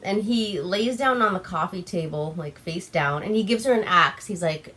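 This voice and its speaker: A woman's voice: fairly low pitch, normal speed, hardly any pauses, sharp tone. A young woman from Alaska hosting a casual movie recap, chatty and giggly with lots of fillers, a little tipsy on wine. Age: young adult. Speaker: vlog host.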